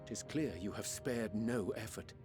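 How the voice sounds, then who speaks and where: Guy playing a formal polite game character, measured and ornate, music behind. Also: lowish voice, close to an everyday voice. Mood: courteous. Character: courteous, solemn, formal man.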